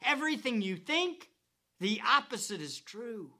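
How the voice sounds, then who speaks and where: A man preaching a sermon who swings from hushed whispers to loud, emphatic declarations and stretches words slowly for emphasis. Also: very high voice, sing-song, a little hiss or hum. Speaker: pastor.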